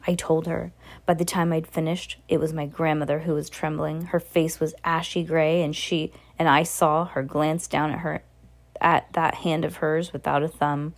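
A woman reading a children's novel aloud with expressive storytelling. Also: deep voice, moderate pace. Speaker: reader.

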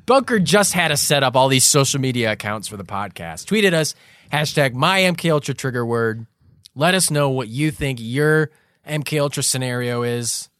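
A man riffs through a silly story on a casual comedy podcast. His pitch swings freely as he jokes, and his voice sits close on a dry, dead-sounding mic. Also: moderate pace, dry recording. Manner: joking, storytelling, animated. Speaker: podcast co-host.

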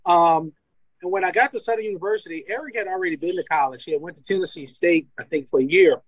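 A Louisiana man, formerly a college football player, tells casual stories as an interview guest in a high, slightly rough voice at a quick pace. He's animated, laughs a lot, and acts out dialogue, all on a dry recording with poor audio.

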